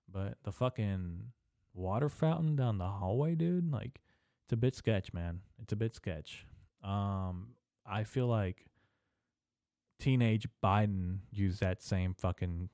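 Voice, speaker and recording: A young podcast host with a low, warm voice rambles through a solo rant, swearing and using casual slang in every sentence. He speaks directly into a stand-mounted studio mic in a small, echoey room in an old building, yet the sound is close and dry with no room sound.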